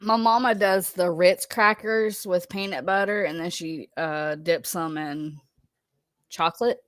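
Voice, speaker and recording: A woman's voice: fairly low pitch, steady tone, measured pace, dry recording, clean studio sound. A woman with a Southern Alabama accent, hosting a livestream and chatting casually as she reads viewer comments, playful and laughing at herself. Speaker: livestream host.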